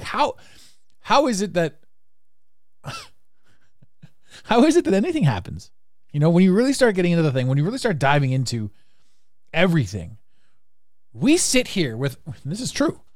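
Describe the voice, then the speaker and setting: A man hosting a podcast, answering a listener voicemail in a rambling, animated way and laughing often. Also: a little high, no room sound, studio quality. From Canada. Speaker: podcast host. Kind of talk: casual podcast monologue.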